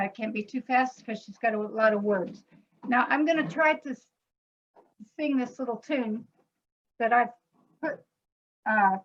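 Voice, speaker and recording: A woman composer explaining her work in a panel talk over a video call, slowing down to spell out words as examples. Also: a little high. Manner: illustrates points by speaking words slowly. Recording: dull lo-fi video call audio.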